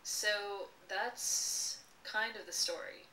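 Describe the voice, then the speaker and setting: A woman slowly telling a personal childhood story with lively expression and occasional laughs. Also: mid-range voice. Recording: echoey room, voice from a distance, faint noise.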